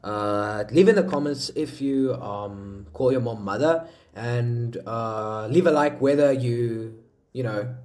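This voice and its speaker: A man's voice: mid-range voice, slow pace, a little mellow, slight background noise. A man hosting a casual reaction video, exclaiming and repeating himself while chatting to his viewers. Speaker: video host.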